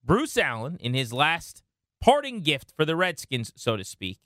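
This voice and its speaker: A man hosting sports radio talk, hoarse from a cold and delivering emphatic, opinionated takes. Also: fairly high pitch, huge pitch swings, unhurried, a bit bright, dry recording, clean studio sound. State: hoarse from a cold, cracking when he laughs.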